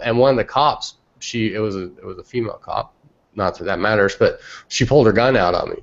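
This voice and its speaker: A man's voice: medium pitch, fairly quick. A young man on a podcast telling casual stories bluntly and with plenty of profanity, talking over a remote call. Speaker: podcast co-host. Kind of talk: casual storytelling. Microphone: remote call microphone. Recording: muffled lo-fi online call audio.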